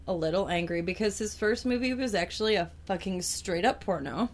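A woman's voice: mid-range voice, animated, brisk. A young woman co-hosting a podcast, chatting casually with crude, joking banter. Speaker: podcast co-host. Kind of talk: casual chat.

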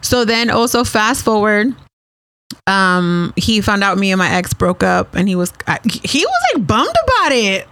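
Chatty laughing woman, lively voice. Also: medium pitch, unhurried, clear, resonant tone, no echo. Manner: chatty storyteller, laughs often, swears freely. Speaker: podcast guest. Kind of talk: casual chat.

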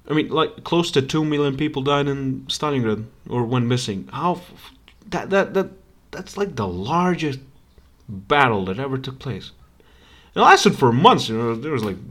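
A man's voice: medium pitch, a bit bright. Podcast host, male, casual rant, swears a lot, stumbles over his words. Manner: profane, rambling, stammering restarts. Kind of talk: ranting casual monologue.

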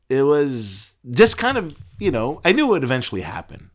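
A middle-aged man, an interview guest who is a deacon and pharmacist, telling stories casually, laughing and stumbling, his pitch jumping up when he gets excited. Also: quick pace, few pauses.

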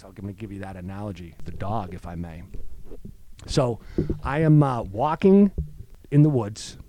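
A man's voice: mid-range voice, slight background noise. A man in recovery, telling a story in casual chat and acting out the voices of the people in it. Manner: animated storyteller, acts out voices. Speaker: guest in recovery.

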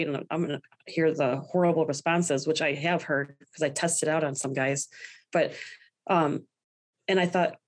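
A woman's voice: low-pitched, fairly even intonation, a little slow, pauses often. A woman guest speaking candidly in a podcast interview, often quoting her own past thoughts. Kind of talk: personal interview.

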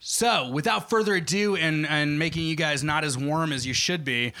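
Bright-voiced man emceeing a comedy show. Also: on the high side, normal speed. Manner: hyping up the crowd. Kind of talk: emcee introduction. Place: comedy club stage.

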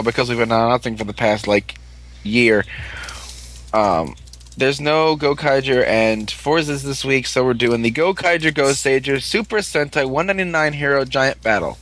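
A man's voice: mid-range voice, fairly bright tone, low-quality recording. A man hosting a podcast, chatting in an offhand, self-mocking way. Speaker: podcast host. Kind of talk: casual chat.

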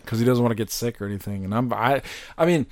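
Man, casual chat, rambling with restarts, middle pitch, dry close sound. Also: fast, a little mellow, no room sound. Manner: rambling storyteller with many restarts and swearing.

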